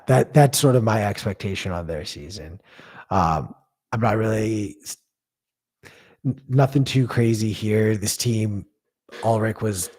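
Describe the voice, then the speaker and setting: Low-voiced man ranting about basketball. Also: darkish tone. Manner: blunt, profane ranting with laughs. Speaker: podcast co-host. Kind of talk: casual sports chat.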